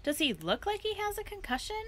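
A woman's voice: very high-pitched, big pitch swings, a little fast, pitched above the performer's own voice. A woman voicing a fierce, impatient young girl who speaks bluntly and with exasperation. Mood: exasperated.

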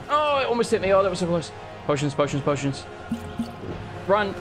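A man streaming a video game live, talking fast between excited, sweary outbursts. His voice sits a bit high for a man and leaps around a lot in pitch, with faint music playing underneath. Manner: excitable, sweary, jumpy reactions. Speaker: gaming streamer. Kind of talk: live let's play commentary.

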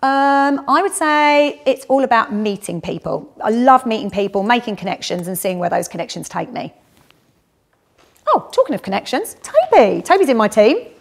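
A middle-aged woman with a South London accent and a fairly high voice. She answers questions in a quick, upbeat, chatty way, like someone at ease talking about her work. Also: big pitch swings. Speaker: head of graduate recruitment. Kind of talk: casual walk-and-talk interview.

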